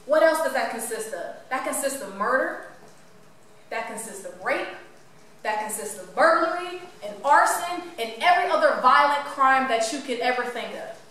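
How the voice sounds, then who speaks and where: High, bright woman speaking to a crowd. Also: normal speed, a little hiss or hum. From Cleveland, Ohio. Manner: animated, playful, engages the audience with questions. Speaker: motivational speaker. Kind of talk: storytelling talk to a live audience. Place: room with an audience. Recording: echoey room from far off.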